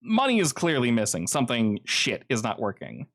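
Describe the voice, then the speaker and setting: Animated man running a tabletop game. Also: mid-range voice, a little fast. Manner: casual, animated storytelling with fillers. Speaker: game master.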